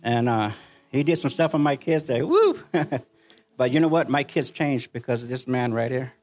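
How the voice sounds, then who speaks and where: An older man giving an earnest church testimony, halting and repeating himself, with faint music behind. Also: medium pitch, darkish tone. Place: church service.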